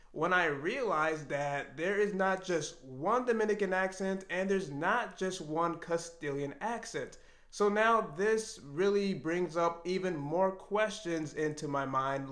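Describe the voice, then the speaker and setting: A man's voice: on the high side, a bit bright, roomy sound. A man hosting his own channel, talking candidly and reflectively to camera from home about his doubts. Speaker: language learner and channel host. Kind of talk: solo talk to camera.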